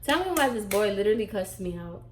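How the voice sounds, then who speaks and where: A young woman recounting a story in a casual storytime vlog, animated and sassy, with plenty of fillers. Her voice sits at an ordinary middle pitch. The room around her is echoey and hollow. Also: quick pace, a little hiss or hum. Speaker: vlogger.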